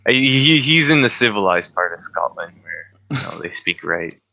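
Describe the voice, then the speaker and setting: A man co-hosting a podcast in casual chat, teasing his friend and quick to laugh. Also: lowish voice, expressive, creaky, pushed and bright, a little hiss or hum, rough recording. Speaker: podcast co-host.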